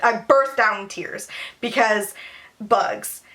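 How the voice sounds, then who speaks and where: A woman's voice: fairly high pitch, slow. A young woman telling a casual storytime vlog, rambling with lots of fillers. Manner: rambling, filler-heavy, animated retelling. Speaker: vlogger.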